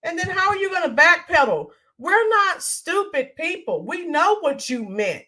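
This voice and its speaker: A woman's voice: very high-pitched, sing-song, normal speed, pushed and bright. A woman hosting a live stream, reading viewer comments in an indignant, emphatic way. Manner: indignant, emphatic, mocking quotes. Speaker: livestream commentary host.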